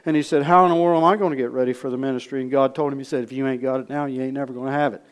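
A man preaching in a storytelling way, folksy and repetitive, swinging from loud re-enactment to hushed asides. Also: mid-range voice, fairly even intonation, racing. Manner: repeats words, folksy speech. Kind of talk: storytelling sermon.

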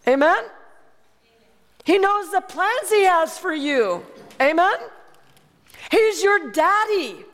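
A woman's voice: very high voice, sing-song, slow pace, long pauses, a bit bright, big-room sound. A woman preaching a sermon, emphatic and calling out to the congregation for amens.

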